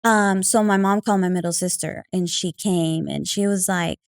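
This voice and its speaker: A woman's voice: fairly low pitch, normal speed, clean tone, dry recording, clean studio sound. A woman, a podcast guest, telling personal stories in a casual, chatty way, full of "like" and "you know", and acting out what people said. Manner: animated, acting out quoted remarks. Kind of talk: casual conversational storytelling.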